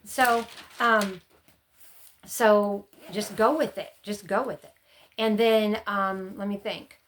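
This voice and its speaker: A woman's voice: medium pitch, fairly even intonation, slow pace, fairly bright tone. A middle-aged woman chatting casually to camera, giving rambling, friendly advice from her years as a homeschooling mom. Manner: chatty and rambling, often acts out her own past panics.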